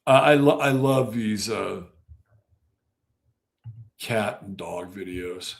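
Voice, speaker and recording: Gravelly-voiced male podcast host. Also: on the low side, animated, slow pace. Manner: casual, rambling, swears freely. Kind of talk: casual commentary.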